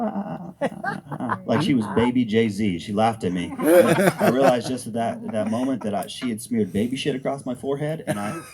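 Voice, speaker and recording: A man in his thirties doing a crude, self-deprecating stand-up set and bantering with a small crowd. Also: medium pitch. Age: 30s. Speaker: stand-up comedian. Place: outdoor firepit gathering. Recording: crowd noise around the speaker. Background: small crowd laughing and heckling.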